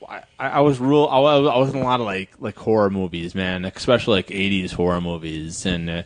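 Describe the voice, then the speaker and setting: A low-voiced man with a Chicago accent rambles through casual podcast talk, a little drunk. He trails off often and fills gaps with filler words. His tone stays loose and unhurried. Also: fairly even intonation, a little hiss or hum. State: tipsy from drinking. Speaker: podcast co-host and musician. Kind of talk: casual chat.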